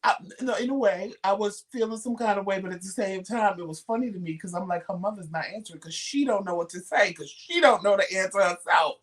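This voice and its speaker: A talk-show co-host chatting casually, telling stories with lively acted-out quotes and slangy speech. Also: mid-range voice, brisk, few pauses. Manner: animated storyteller acting out quotes. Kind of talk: casual chat.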